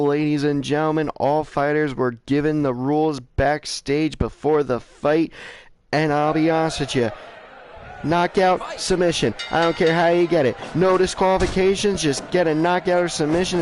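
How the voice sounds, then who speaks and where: Man, ring announcer and play-by-play caller, high-ish voice, drawn-out intros, chatty calls, noisy recording. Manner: booming drawn-out ring introductions, then chatty fast commentary. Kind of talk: fight introductions and play-by-play commentary.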